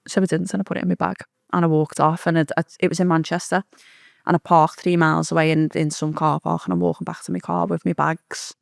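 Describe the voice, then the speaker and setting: As a podcast guest in a casual chat, a woman tells a story, swearing freely and animatedly acting out the voices of the people in it. Her voice is fairly low, fast, and gravelly. The studio-quality recording has no room sound.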